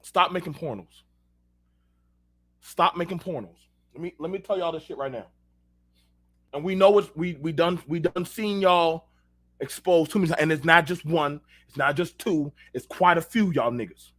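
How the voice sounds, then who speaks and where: High, bright-voiced ranting man. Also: moderate pace. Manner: profane, heated storytelling; addresses listeners directly. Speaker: show host. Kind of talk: unfiltered casual rant.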